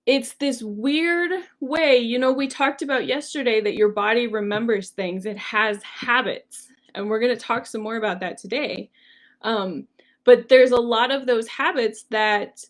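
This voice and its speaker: A woman hosting a solo podcast, talking in an earnest, conversational way with frequent "like" and "um". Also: fairly high pitch. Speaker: podcast host.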